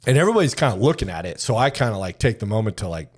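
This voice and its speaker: Low-voiced profane man telling war stories. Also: big pitch swings, racing, slightly rough. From United States. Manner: profane, rambling, fills speech with "like", acts out quoted lines. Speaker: podcast guest, retired Army sergeant major. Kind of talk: casual storytelling.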